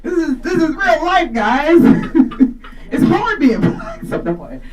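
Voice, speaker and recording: A woman's voice: high voice, big pitch swings, slow pace. A woman doing a brash, profane stand-up set at a live show. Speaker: stand-up comedian. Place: live studio show in a garage. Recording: distant stage mic, loud audience.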